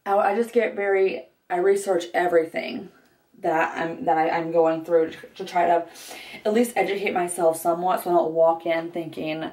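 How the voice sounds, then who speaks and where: A woman's voice: fairly low pitch, steady tone, moderate pace, darkish tone, recorded from a distance. Chatty young woman in an echoey room. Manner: chatty, candid, many fillers and restarts. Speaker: vlogger. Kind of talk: get-ready-with-me vlog. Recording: echoey room, voice a bit off-mic.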